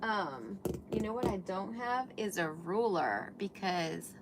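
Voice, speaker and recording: A woman's voice: mid-range voice, expressive, slow pace, very noisy. A woman hosting a craft livestream, chatting with viewers while she works with paper and glue at her table. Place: indoors at a craft table under bright lights.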